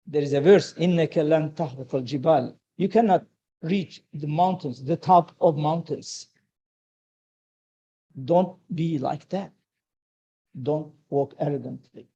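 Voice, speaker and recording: Earnest man giving a gentle sermon. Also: a little high, a little fast, long pauses, muffled recording. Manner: earnest, repeats key advice. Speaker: speaker at a religious study circle. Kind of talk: sermon-like talk.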